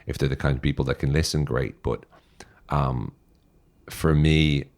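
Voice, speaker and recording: Podcast guest: Irish man, very low voice, blunt and profane, direct. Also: fairly even intonation, moderate pace, darkish tone. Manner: blunt, swears freely, direct advice. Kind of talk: casual interview talk.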